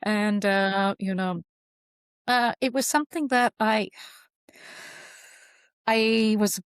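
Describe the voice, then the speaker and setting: A woman author chatting in an interview, telling stories in a lively way and acting out the voices she quotes. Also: medium pitch, takes it slowly, smooth, no room sound, studio quality. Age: older. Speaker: guest author. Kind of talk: casual interview chat.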